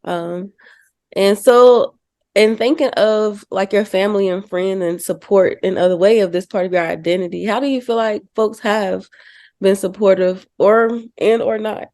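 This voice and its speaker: A woman hosts a relaxed podcast conversation, putting questions to her guest and backing her up with a steady stream of "yeah"s and "mm-hmm"s. Her voice sits at a middle pitch in a dry, close recording. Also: moderate pace, no echo. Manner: supportive, frequent short affirmations. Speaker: podcast host. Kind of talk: casual interview conversation.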